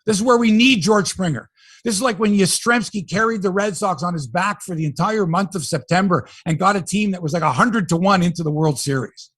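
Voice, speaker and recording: Middle-aged guy ranting on a sports podcast, kinda husky, higher voice, dry close mic. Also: brisk, no room sound. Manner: animated, profane ranting. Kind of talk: casual sports talk.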